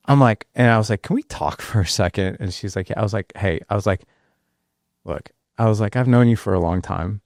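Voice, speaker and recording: Low gravelly man telling a story. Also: a little fast, no room sound, studio quality. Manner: animated, acts out quotes, many restarts. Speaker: podcast host. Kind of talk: casual conversational storytelling.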